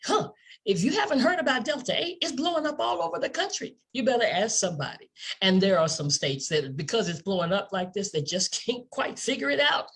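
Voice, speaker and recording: Female presenter, lively swooping delivery, husky edge, hard-sell enthusiasm, rhetorical questions. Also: on the high side, a little fast. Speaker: company presenter. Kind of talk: sales pitch presentation.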